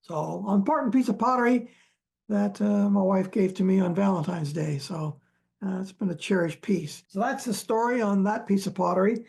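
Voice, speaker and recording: Male archaeologist, gravelly, unhurried storyteller, hesitant with frequent fillers. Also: high-pitched, darkish tone. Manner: halting, many fillers and restarts, chuckles often. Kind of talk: relaxed storytelling chat.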